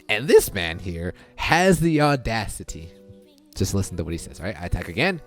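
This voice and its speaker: A man giving casual commentary over his recorded game, thinking out loud and retelling the match in a chatty way. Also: low voice, very animated, quick pace, faint music behind. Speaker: gaming video creator.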